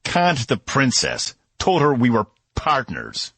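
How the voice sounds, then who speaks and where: A brash, indebted space pilot shouts and fumes, as a man reading an audiobook puts him on. The voice is husky and dry, pushed higher and louder than the narration. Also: big pitch swings, slow pace, no room sound, full character voice. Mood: heated. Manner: heated, yelling.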